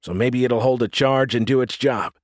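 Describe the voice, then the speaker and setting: A man voicing a calm, practical male military leader in an audiobook, speaking in a measured way. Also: medium pitch, no echo, studio quality, voice pushed up, lightly acted. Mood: steady.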